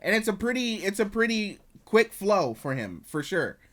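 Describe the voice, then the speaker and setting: A man's voice: sits high, very animated, moderate pace, a bit bright. A young man casually reviewing an album as he reacts to it, slangy and profane, with chatty asides to his viewers.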